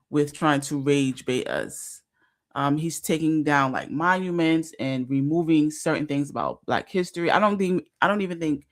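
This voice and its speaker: A woman hosting a casual livestream, talking emphatically, repeating herself and filling pauses with fillers. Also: sits low. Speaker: livestream host.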